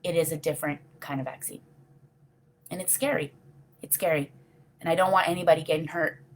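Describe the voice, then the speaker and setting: A woman's voice: sits low, fairly even intonation, brisk, a little hiss or hum. A middle-aged woman hosting a casual live video, talking earnestly and rambling while answering viewer comments. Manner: earnest, heartfelt, rambling with frequent you know. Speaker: livestream host.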